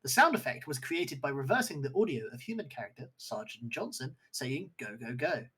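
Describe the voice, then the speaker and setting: A man chatting casually on a podcast, jokey and animated. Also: medium pitch, a little fast, a little hiss or hum. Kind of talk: casual chat.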